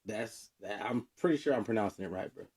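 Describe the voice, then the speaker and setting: A man's voice: on the low side, a little fast, darkish tone, breathy edge. A man co-hosting a podcast in casual, playful banter, easygoing and hedging. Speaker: podcast co-host.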